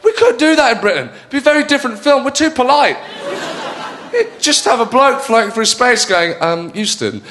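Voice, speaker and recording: A man's voice: very high voice, expressive, brisk, pushed and bright, slight background noise. A man doing a chatty stand-up routine in a comedy club, with self-mocking asides. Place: comedy club stage with live audience. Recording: roomy hall with crowd.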